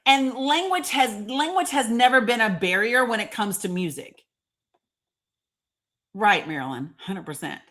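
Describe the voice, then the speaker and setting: A woman's voice: fairly high pitch, animated, unhurried, fairly bright tone. A woman with a Northeast Tennessee accent hosting a live stream, chatting emphatically and calling out commenters by name. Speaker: livestream host.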